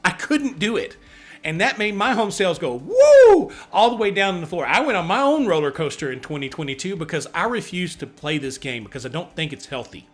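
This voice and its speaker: A man working as a real estate agent, explaining housing market charts in a casual, chatty way, with sudden excited bursts and self-mocking asides. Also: on the high side, fast talker, few pauses, faint music behind.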